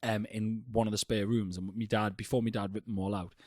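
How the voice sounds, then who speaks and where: A man's voice: fairly low pitch, flat delivery, a little fast, a little mellow, dry recording, studio quality. A man co-hosting a podcast, swearing, teasing and acting mock-outraged. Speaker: podcast co-host. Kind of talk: casual podcast banter.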